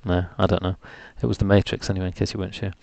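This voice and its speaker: A man's voice: sits low, little pitch movement, rapid-fire, gravelly, darkish tone. A man with a mild Geordie accent, hosting a live music stream and rambling jokily to fill time. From North East England. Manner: jokey, chatty, self-deprecating rambling. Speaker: livestream host.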